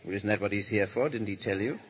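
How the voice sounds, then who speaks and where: A man's voice: lowish voice, fast talker, breathy edge. An actor playing a languid, foppish English nobleman in a 1930s radio drama, drawling and lazily mocking. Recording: dull lo-fi 1930s radio recording.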